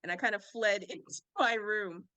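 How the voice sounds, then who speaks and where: A woman's voice: mid-range voice, moderate pace, bright, forceful tone, dry recording. A woman on a panel telling a funny story in a playful, laughing way.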